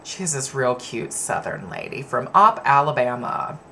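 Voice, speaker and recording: A man's voice: medium pitch, sing-song, normal speed, vocal fry, pushed and bright, slight background noise. A man candidly telling personal stories to his viewers, rambling and laughing at himself. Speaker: vlogger. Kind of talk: personal storytelling to camera.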